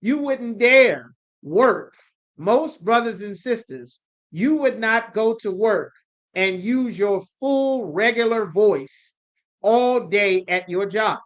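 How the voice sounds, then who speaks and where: An emphatic man preaching to a scripture class, driving his points home with rhetorical questions and a steady "you understand?" The recording is somewhat dull and lo-fi, with a muffled top end. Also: sits high, slow.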